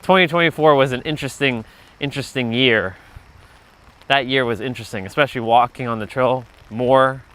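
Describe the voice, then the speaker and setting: Holding his phone on a winter trail walk, a livestreaming vlogger spins casual, rambling stories for his viewers. His average-pitched voice is brisk and a bit bright, and he's loose and chatty, cursing freely and laughing a lot.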